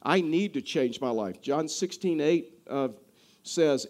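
A man's voice: fairly high pitch, animated, slow pace, darkish tone. A male pastor preaching a sermon, earnest, often repeating and restarting his words.

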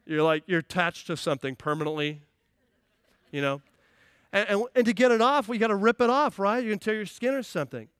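A man preaching a sermon as pastor, energetic and playful, acting out voices with humor. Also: high-pitched, fairly quick, clear, resonant tone, no echo. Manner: energetic, playful, acts out quotes. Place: church.

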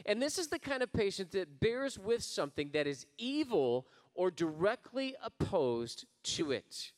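A man preaching a sermon. He swells into emphatic lines, drops to quiet asides, and tells a folksy story. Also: sits high, sing-song, a little slow, long reverb tail. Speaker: pastor.

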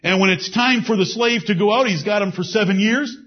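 High-voiced guy preaching, hammers phrases over and over, kinda muffled recording. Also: fairly quick. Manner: emphatic, repeats key phrases, drops to low asides. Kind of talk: sermon. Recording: dull lo-fi sermon recording.

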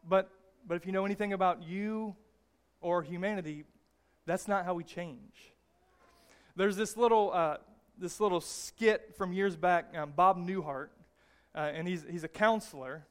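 A man preaching a sermon with a fairly high voice for a man, talking in a loose, conversational way. He restarts his phrases often and keeps checking in with the congregation. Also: moderate pace. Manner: conversational, restarts often, frequent "all right?" tags. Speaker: pastor.

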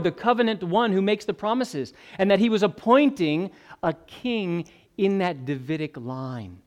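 A man's voice: high voice, lively intonation, unhurried, darkish tone. A male pastor preaching an expository sermon, mixing conversational asides with rising emphasis.

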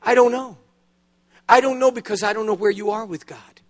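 Older male preacher with a fairly high voice who tells his story with big animated swings, bursting loud on the excited parts and dropping low and hushed on the solemn ones. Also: fairly quick. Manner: drops to a hushed, low delivery on solemn points. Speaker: guest preacher. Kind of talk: sermon. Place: church conference hall.

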